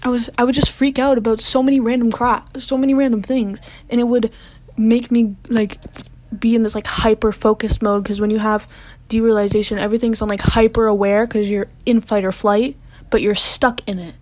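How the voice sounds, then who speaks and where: A woman's voice: on the high side, little pitch movement, fairly quick, darkish tone. A young woman vlogger telling a personal storytime in a casual, chatty way, full of "like" fillers, sometimes dropping to a whisper. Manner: chatty, lots of "like" fillers, drops to whispers when reliving panic.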